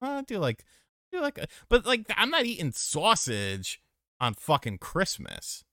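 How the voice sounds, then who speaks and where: A man with a bright, forceful voice swears his way through animated, casual stories. His pitch jumps and dips all the time, and the close mic keeps the sound dry and without echo. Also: a little slow. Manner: profane, animated storytelling. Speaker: podcast co-host. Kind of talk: casual chat.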